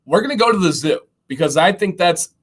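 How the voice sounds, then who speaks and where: A middle-aged man from Michigan hosting a casual livestream chat, animated and reading viewer comments aloud. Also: high-pitched, fairly quick, husky. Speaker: livestream host.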